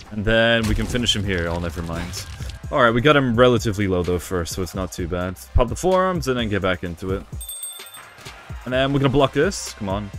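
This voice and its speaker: Young male gaming commentator, lowish voice, excitable and sarcastic, self-mocking. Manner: excitable, sarcastic, frequent self-deprecating jokes. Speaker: gaming video creator. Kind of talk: casual gameplay commentary.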